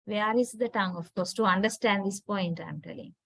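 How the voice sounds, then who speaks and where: A woman's voice: medium pitch, fairly quick, vocal fry, a bit bright, dry recording, poor audio. A middle-aged woman with a Sri Lankan English accent giving a university phonetics lecture, explaining step by step and often asking "right?".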